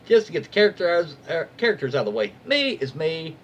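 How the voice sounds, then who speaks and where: A man's voice: on the high side, sing-song, brisk, a bit bright, slight background noise. A man reading online stories aloud in a casual way, stopping for chatty asides and reactions. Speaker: reddit story reader.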